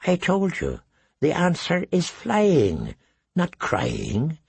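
A man reading aloud who voices a small male crow that speaks in teasing riddles, raising his voice higher than his usual. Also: huge pitch swings, takes it slowly, vocal fry, darkish tone, husky, dry recording, full character voice. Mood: urgent. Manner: riddling, lightly mocking.

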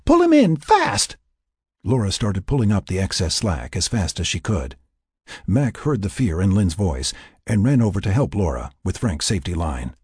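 A man with a low, raspy voice narrates a tense story in a measured way. His delivery moves widely up and down in pitch. The recording is dry and close, with no room sound. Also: animated, a little mellow, no room sound. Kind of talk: scripted narration.

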